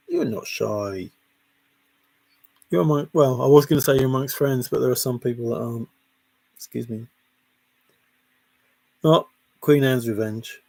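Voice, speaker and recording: A male livestream host rambles and chuckles as he reads viewer comments and teases the people who wrote them. His mid-range voice is unhurried, creaky, and darkish, with frequent pauses and no echo.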